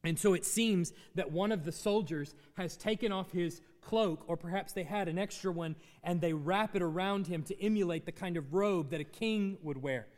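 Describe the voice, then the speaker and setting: A man's voice: sits high, moderate pace, hardly any pauses, a little mellow, in a large hall. A man preaching a sermon as pastor, teaching through a Bible passage and asking his congregation questions.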